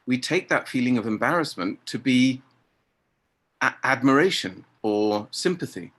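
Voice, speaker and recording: A man's voice: medium pitch, expressive, measured pace, fairly bright tone. A man, a theatre director speaking articulately in an interview. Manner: articulate, acts out voices in quotes. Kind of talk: interview conversation.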